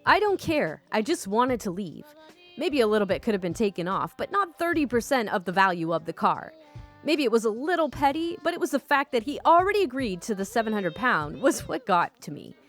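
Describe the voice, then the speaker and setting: A young woman reads internet stories aloud and chats about them as a storytime host. Her voice is fairly high and very lively, with a giggly, casual manner and some swearing. Faint music runs under her voice. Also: a little fast. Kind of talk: reading online stories with commentary. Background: faint background music.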